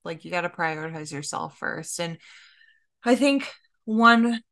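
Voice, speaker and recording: A woman's voice: on the low side, expressive, measured pace, creaky, a bit bright. A young woman co-hosting a podcast in casual chat, talking in a chatty way with lots of fillers and acting out quoted talk. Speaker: podcast co-host.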